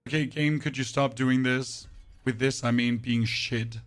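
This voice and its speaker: Monotone man streaming a game. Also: mid-range voice, unhurried. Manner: monotone, dry delivery. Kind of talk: casual live-stream chat while gaming.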